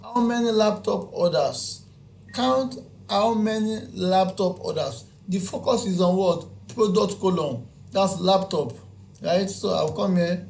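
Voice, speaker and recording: A man's voice: high-pitched, slow, creaky, a little mellow, slight background noise. A man teaching a spreadsheet tutorial. He counts items aloud one by one, repeats his key points and answers his own questions. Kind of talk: screen-recorded software tutorial.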